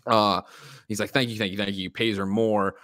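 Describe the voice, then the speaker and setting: Low-ish guy walking his buddies through a movie plot, dry close mic, doing the voices. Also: moderate pace, no room sound. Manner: animated retelling, acting out quoted lines. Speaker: podcast co-host recapping a movie. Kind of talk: casual chat.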